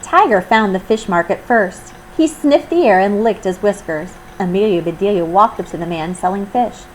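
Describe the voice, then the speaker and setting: A woman reading a children's storybook aloud, with expressive, animated storytelling. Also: medium pitch, normal speed, slight background noise, low-quality recording. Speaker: storybook reader. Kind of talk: children's read-aloud narration.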